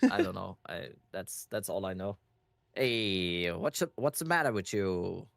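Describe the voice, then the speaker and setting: A man's voice: low-pitched, measured pace, gravelly, fairly bright tone, no room sound, clean studio sound, full character voice. A man putting on a brash tough-guy New Yorker. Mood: blustery.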